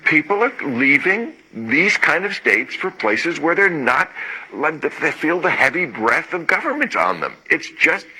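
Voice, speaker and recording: A man's voice: on the high side, big pitch swings, unhurried, bright, forceful tone, breathy edge, poor audio. A man hosting a talk show, delivering sarcastic political commentary with punchy jokes and the occasional swear word.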